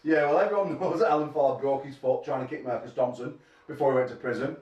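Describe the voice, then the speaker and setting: A man's voice: medium pitch, fast talker, darkish tone, dull audio. A middle-aged man, an arm wrestling promoter bantering at a press conference, rambling and telling crude jokes with frequent laughter. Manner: rambling, crude joking storyteller who laughs often. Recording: echoey room from a distance.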